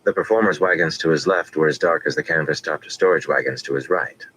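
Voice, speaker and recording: A man narrating a fantasy audiobook with steady, measured reading. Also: rumbling low, slight background noise, poor audio.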